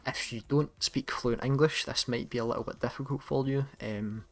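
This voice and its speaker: A man with a Scottish accent, hosting a casual tutorial in a relaxed, chatty way with some self-corrections. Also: medium pitch, normal speed. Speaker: tutorial host. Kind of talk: casual screen-recorded tutorial.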